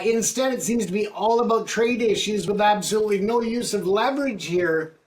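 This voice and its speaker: A man co-hosting a political news commentary show, making his case earnestly in long sentences. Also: high voice. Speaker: co-host.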